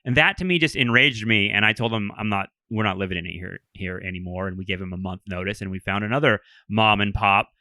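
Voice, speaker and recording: Male podcast host, chatty and halting; bright, crisp timbre. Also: on the low side, no echo, studio quality. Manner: animated storytelling, frequent restarts and "like"s. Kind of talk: casual podcast conversation.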